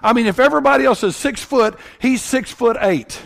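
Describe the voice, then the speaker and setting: A man from Tennessee, preaching a sermon in a folksy, animated storytelling way that swings up to shouting. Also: extremely high pitch, brisk, vocal fry.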